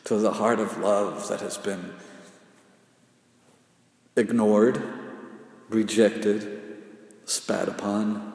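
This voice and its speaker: Slow and repetitive in cadence, a preacher's rough, low voice builds his sermon phrase by phrase, pausing dramatically. Frequently sinking into hushed intensity, he speaks in a large hall where a long reverb trails after every line.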